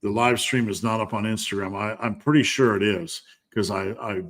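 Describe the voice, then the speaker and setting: A man's voice: lowish voice, fairly even intonation, moderate pace, fairly bright tone. A man hosting a live stream Q&A as a strength coach, talking candidly and bluntly with lots of fillers.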